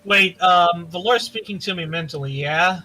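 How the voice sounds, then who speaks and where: A man's voice: sits high, normal speed, pushed and bright, no room sound, poor audio. A man playing a tabletop game, chatting and describing what his character does. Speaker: player. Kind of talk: casual tabletop game chat.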